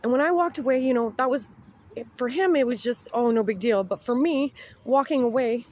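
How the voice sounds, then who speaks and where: A woman's voice: sits high, moderate pace, darkish tone. A woman in her thirties with children, tearfully giving a heartfelt spiritual message outdoors in the sun, rambling and repeating herself. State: tearful, close to crying. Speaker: spiritual vlogger. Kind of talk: emotional spiritual message to camera.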